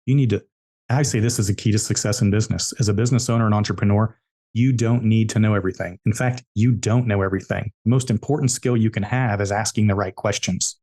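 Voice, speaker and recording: Low-voiced man telling business stories. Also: steady tone, fast talker, a little mellow. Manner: emphatic, repeats key points. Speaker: entrepreneur guest. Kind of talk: storytelling interview answers.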